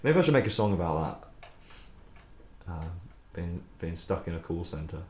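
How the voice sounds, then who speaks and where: Deep-voiced man chatting loosely. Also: big pitch swings, normal speed, echoey room. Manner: rambling, loose, swears, laughs often. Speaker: songwriter streaming his writing process. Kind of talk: casual livestream chat.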